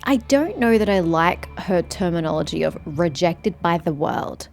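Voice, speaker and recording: A woman's voice: on the low side, big pitch swings, vocal fry, a little mellow, soft background music. A woman streamer giving sarcastic, joking commentary over a video game. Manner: sarcastic, joking, quick asides. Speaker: gaming streamer. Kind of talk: let's play commentary.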